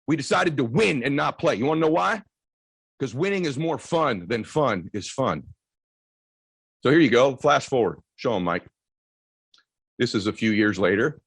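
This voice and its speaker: A husky-voiced man in his forties delivers a motivational talk from an event stage. His voice sits low and sounds dry and close. He talks fast and with energy, and shouts when the story peaks. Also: no room sound. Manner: energetic, rapid-fire, shouting at high points. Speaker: motivational keynote speaker. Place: event stage before a live audience.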